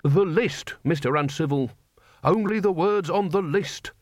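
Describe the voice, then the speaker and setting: A man's voice: fairly high pitch, big pitch swings, dry recording, clean studio sound, pitched above the performer's own voice. Man doing a prim pedantic teacher. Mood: snappish. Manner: precise, prim, slow and deliberate. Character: prim fussy male schoolteacher, pedantic and proper.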